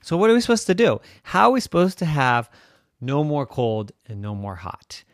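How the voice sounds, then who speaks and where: A man voicing a brash woman pirate captain in a high, excitable voice for a bedtime story. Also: normal speed, no echo, clean studio sound. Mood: excited. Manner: high excitable squeaky delivery.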